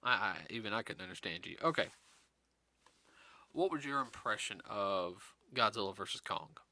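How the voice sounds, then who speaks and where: A man's voice: fairly low pitch, expressive, normal speed, sharp tone. A man hosting a podcast, chatting casually about films in a rambling way, full of fillers and restarts, and teasing his co-host.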